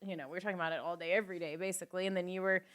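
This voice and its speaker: Young woman co-host, crisp bright delivery, chatty and laughing. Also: fairly low pitch, very fast. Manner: lively storytelling, laughs often. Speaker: podcast co-host and radio broadcaster. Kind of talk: casual chat.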